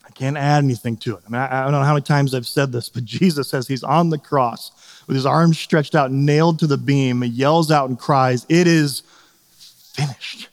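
A man preaching a sermon as pastor, earnest and animated, sometimes acting out quoted voices. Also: medium pitch, a little fast, big-room sound.

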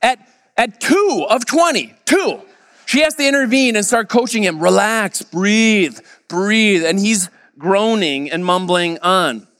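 A man pastor delivering a sermon, retelling a story and quoting others in a lively voice. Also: sits high, slow, clean tone, no room sound, big-room sound. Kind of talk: sermon with anecdote.

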